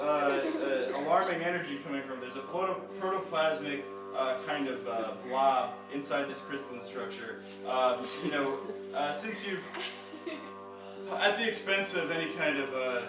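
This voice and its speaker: A man leads a live, interactive story reading, rambling and playful, with constant fillers and restarts. His voice sits fairly high for a man. The recording is heavily echoey and distant, with music underneath. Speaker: storyteller and comics reader. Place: live performance venue.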